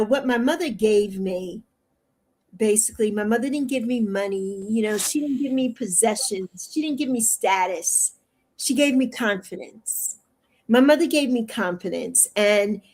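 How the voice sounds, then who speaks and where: High-voiced woman, heartfelt and repetitive. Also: rough recording. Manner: heartfelt, repetitive, rising into tearful pleading when hurt. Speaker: interview guest. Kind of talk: emotional interview conversation.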